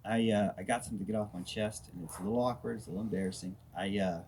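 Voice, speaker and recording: A man's voice: fairly low pitch, fairly even intonation, very fast, darkish tone. A man in his thirties doing a crude, self-deprecating stand-up set and bantering with a small crowd. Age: 30s. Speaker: stand-up comedian. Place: outdoor firepit gathering. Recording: crowd noise around the speaker. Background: small crowd laughing and heckling.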